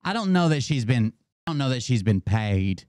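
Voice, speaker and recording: Smooth-voiced man in casual commentary. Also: medium pitch, sing-song, normal speed, a little mellow, no echo, clean studio sound. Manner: rambling, mocking, laughs often. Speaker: host reacting to clips.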